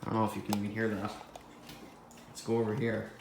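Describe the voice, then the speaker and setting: A man's voice: on the low side, monotone, fast, creaky. A young man hosting a casual vlog, rambling and joking at his own expense as he talks to himself. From Canada. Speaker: clock collector host. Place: indoor room with ticking clocks. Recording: roomy echo, faint background noise.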